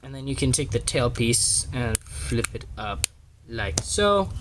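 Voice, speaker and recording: A man reviewing a toy in a slow, unhurried way, stopping often to correct himself and filling gaps with ums. His voice sits at an ordinary middle pitch, and a steady noise hum runs under the home recording. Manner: halting, many fillers and self-corrections. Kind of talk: casual toy review and transformation walkthrough. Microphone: camera on a small tripod.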